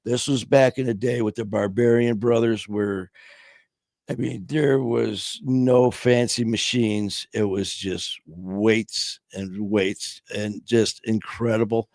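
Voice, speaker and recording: A man's voice: lowish voice, steady tone, slow pace, gravelly, a little mellow, dry recording, studio quality. A man in his sixties from Michigan, hosting a podcast and telling loose, profane stories full of "man" and "you know". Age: 60s. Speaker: podcast host. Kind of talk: casual storytelling interview. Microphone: streaming podcast mic.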